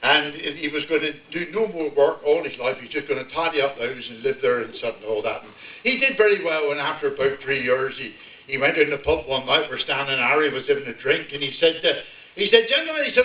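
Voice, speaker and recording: An older man with a broad West Country burr spins a comic village yarn, chuckling as he goes. His voice sits high and carries. It comes through an echoey hall from a distant mic, with a dull, muffled sound. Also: brisk. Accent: West Country English. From Devon, England. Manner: broad rural yarn-spinning, chuckling as he tells it. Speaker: storyteller. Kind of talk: humorous dialect storytelling. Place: village hall, live audience.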